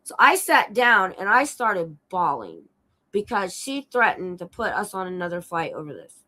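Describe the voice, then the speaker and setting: A woman with a hoarse, under-the-weather voice chats casually on her stream. She tells an animated story, acts out the lines of the people in it and swears along the way. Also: fairly low pitch, normal speed, poor audio. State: sick and hoarse. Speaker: streamer telling a travel story. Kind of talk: casual chat. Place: home streaming setup.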